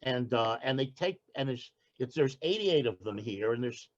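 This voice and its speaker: An older man speaks casually as a poet being interviewed. He keeps restarting and searching for words at a middle pitch, and the recording sounds dull and lo-fi. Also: expressive. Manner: halting, with frequent restarts and fillers. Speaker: poet guest.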